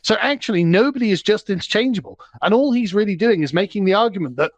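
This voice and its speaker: A man's voice: high voice, lively intonation, fast, no echo. A man co-hosting a livestream reaction chat who jokes and laughs a lot and talks animatedly. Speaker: livestream co-host.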